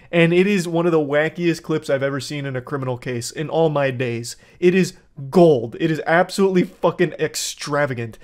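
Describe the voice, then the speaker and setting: A man giving sarcastic, animated reaction commentary on a clip. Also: fairly high pitch.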